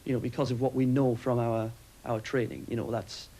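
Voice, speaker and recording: A man who served as aircrew, giving a steady, matter-of-fact account in a documentary interview. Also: medium pitch, a little fast, rough recording. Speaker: former RAF aircrew interviewee.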